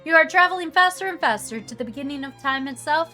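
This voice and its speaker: A woman's voice: high voice, animated, fast talker, few pauses, sharp tone. A woman streamer reading a text game aloud, switching between dramatic narration and casual asides. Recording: faint music behind.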